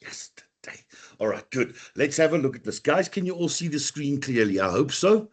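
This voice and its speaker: A man's voice: fairly high pitch, big pitch swings, normal speed. A man with a South African accent, a teacher running a live online lesson, upbeat and chatty as he greets students by name. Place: online video meeting.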